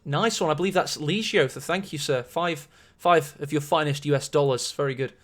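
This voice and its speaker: Chatty caster, fairly high voice. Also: male voice, normal speed. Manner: chatty, rambling and self-mocking. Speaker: esports caster. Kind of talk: live-stream game commentary.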